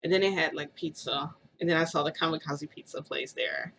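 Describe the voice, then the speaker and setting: A woman's voice: low-pitched, steady tone, a little fast, fairly bright tone, a little hiss or hum, low-quality recording. A woman vlogger telling a story in a rambling, casual way, full of "like" and "um".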